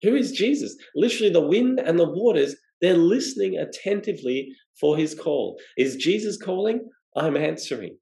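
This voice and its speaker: A man's voice: on the high side, expressive, normal speed, creaky, hardly any pauses, dark tone, reverberant, rough recording. A man preaching a sermon, explaining scripture and asking rhetorical questions. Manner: expository, asks rhetorical questions.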